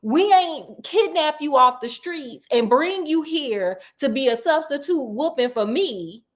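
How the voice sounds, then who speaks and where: A woman's voice: sits high, animated, a little slow, pitched above the performer's own voice. A woman voicing a spoiled, cruel boy prince who brags and calls people honey. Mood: bratty.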